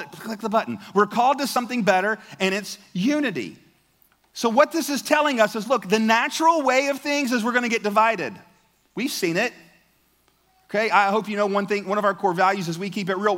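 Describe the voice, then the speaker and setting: A man with a notably high voice delivers a sermon from the pulpit, talking to the congregation in a loose, animated, conversational way and often repeating himself as he builds a point. His voice rings out with a long reverb tail, as in a large church hall. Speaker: pastor.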